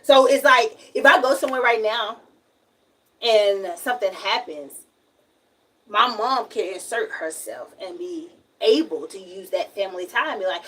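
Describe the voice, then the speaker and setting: A young woman with a Southern drawl talks frankly and at length, venting on her livestream in a breathy, husky voice of middle pitch. She rambles, repeats herself and leans on words for emphasis. She sits a little back from the microphone, so the sound is slightly distant. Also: lively intonation, measured pace. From Alabama.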